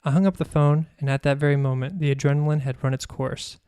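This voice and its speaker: A podcast host and author reads his own memoir aloud in a measured, even storytelling manner, his tone mellow and warm with little pitch movement. The recording is close, smooth and dry.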